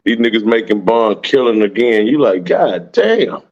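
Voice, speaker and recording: A man with a fairly low voice talks bluntly and profanely in heavy street slang, often ending his sentences with "man". The recording sounds dull and lo-fi. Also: fairly even intonation, normal speed, a little mellow. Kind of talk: casual conversation.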